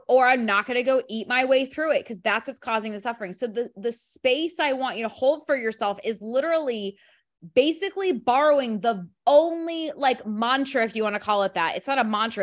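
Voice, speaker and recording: Female group coach, higher voice, emphatic, casual talk with many restarts. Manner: emphatic, leans on "literally" and "like", restarts often.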